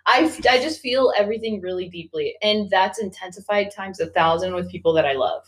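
A woman's voice: mid-range voice, fairly quick. Earnest young woman speaking from the heart. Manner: earnest and heartfelt, hesitant restarts. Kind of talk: casual chat.

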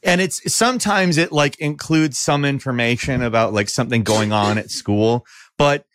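A man's voice: mid-range voice, normal speed, fairly bright tone, a little hiss or hum. A man co-hosting a podcast, chatting casually and animatedly, joking and swearing. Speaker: podcast co-host. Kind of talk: casual chat.

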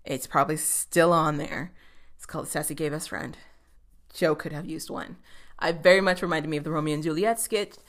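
A young woman giving a casual recap of a TV episode, animated and swearing freely, often slipping into quick voices for the characters. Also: deep voice.

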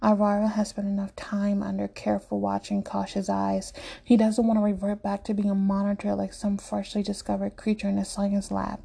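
A woman narrating a story slowly, in a hushed voice that often drops to a half-whisper. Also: medium pitch, monotone, vocal fry.

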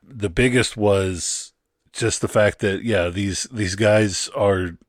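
A man's voice: on the low side, slow, no room sound, clean studio sound. A man co-hosting a casual movie review chat, often laughing as he makes his points. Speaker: podcast co-host.

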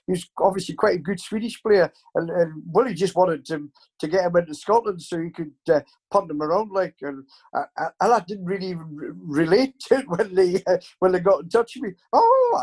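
Older man, high-pitched voice, rambling storyteller, lots of ums and restarts. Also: a little mellow. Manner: rambling anecdotes with many fillers and restarts. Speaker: interview guest, former football club staff. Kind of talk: casual storytelling.

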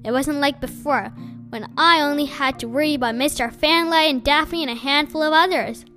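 A woman reading a first-person audiobook in a wry, deadpan storytelling manner. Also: sits high, normal speed, faint music behind. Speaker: audiobook narrator.

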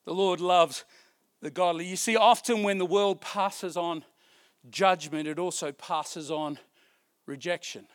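High-voiced preacher with a slow, emphatic delivery. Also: male voice, fairly even intonation. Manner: swings from loud emphatic preaching to soft hushed lines; drawn-out stressed words, repeats key phrases. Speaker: pastor. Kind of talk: sermon.

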